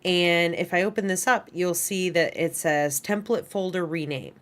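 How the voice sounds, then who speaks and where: Casting: woman instructor, low voice, casual and chatty, talking students through a screen share. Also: moderate pace. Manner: chatty, informal, talks to students in chat. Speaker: animation instructor. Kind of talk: online class screen-share walkthrough.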